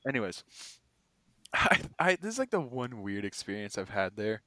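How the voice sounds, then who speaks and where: A man's voice: fairly low pitch, normal speed, dry recording. A young man telling a funny work story in a casual podcast chat, laughing and acting out other people's lines. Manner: animated storyteller who acts out quotes, laughs a lot. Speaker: podcast co-host.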